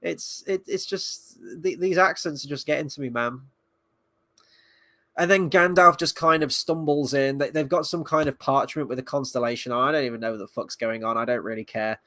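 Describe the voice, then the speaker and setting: A man's voice: mid-range voice, moderate pace, pushed and bright, dry recording. Male reviewer, mid-range voice, dry close recording, loose sarcastic delivery with swearing. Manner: rambling, sarcastic, swears, mocks scenes in quoted voices. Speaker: video reviewer. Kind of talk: casual spoken review.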